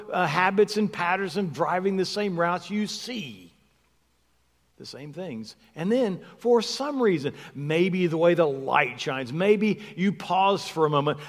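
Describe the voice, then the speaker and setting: A man delivers a sermon in an unhurried, thoughtful manner, stressing words by repeating them. His voice sits a little above the usual male pitch. A long reverb trails his words, as from a large hall. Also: darkish tone. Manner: reflective, conversational, repeats words for emphasis. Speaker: preacher.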